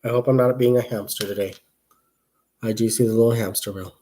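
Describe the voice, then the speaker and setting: A man's voice: medium pitch, steady tone, a little fast, mellow. A young man hosting a casual crochet livestream, chatting in a rambling way, reading viewer comments aloud and counting stitches under his breath.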